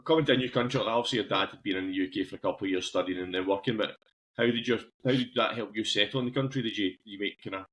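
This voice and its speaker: Male podcast host, quick talker, lowish voice, winding questions. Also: a bit bright. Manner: rambling, loosely phrased questions. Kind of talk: interview questions.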